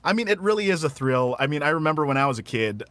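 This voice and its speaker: A man's voice: on the high side, very animated, quick pace, a bit bright, dry recording. A man hosting a casual live radio-style show, rambling and hesitant, laughing often.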